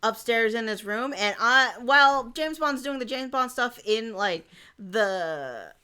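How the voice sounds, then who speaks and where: Co-host, woman, high bright voice, quick reactive interjections. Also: lively intonation, clean tone. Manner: chimes in with short reactions and quick jokes, laughs a lot. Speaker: podcast co-host. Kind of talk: casual chat.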